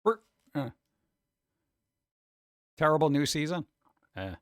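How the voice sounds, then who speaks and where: A man's voice: a little high, sing-song, slow, fairly bright tone, dry recording, clean studio sound. A man chatting casually with viewers on a live stream, rambling, humming and scatting to himself, his throat a little sore.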